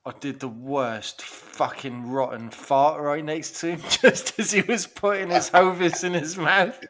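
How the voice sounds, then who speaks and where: A man's voice: fairly high pitch, steady tone, measured pace, fairly bright tone, slight background noise. A man, co-hosting a podcast, swearing freely and laughing through his stories in casual banter. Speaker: podcast co-host.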